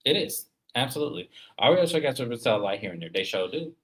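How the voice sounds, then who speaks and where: A man in his thirties hosting a casual livestream, talking straight to viewers in an animated, emphatic way. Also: mid-range voice, fast. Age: 30s. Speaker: livestream host.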